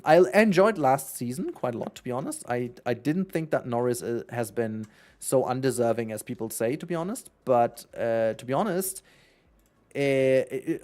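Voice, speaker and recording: Rambling German streamer chatting while playing. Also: male voice, mid-range voice, expressive, normal speed, darkish tone. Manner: rambling, chatty, self-correcting, laughs often. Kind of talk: casual livestream gaming chat.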